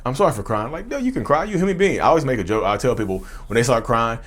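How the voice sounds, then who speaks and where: A man hosting a mental health channel, talking straight to his viewers. He keeps asking how they feel and often says "y'all.". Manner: lively pitch swings, slows right down on questions. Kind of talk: direct-to-camera talk.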